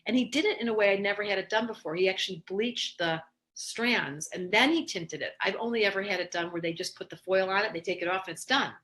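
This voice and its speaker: A woman astrologer giving a casual, animated spoken lesson, telling candid stories in an expressive way. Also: mid-range voice, fast. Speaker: astrologer teaching.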